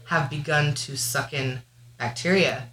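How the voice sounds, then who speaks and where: A woman tells stories on a casual podcast with lively, animated energy, breaking into laughs and putting on voices. Her tone is bright and forward. She is recorded in an echoey room with a faint hiss behind her. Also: low voice, unhurried. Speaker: guest mom.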